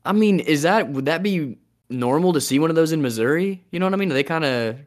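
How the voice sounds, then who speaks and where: A young man co-hosts a podcast, talking in a casual, rambling, jokey way and often trailing off before starting over. His voice is fairly high-pitched, animated and fairly quick.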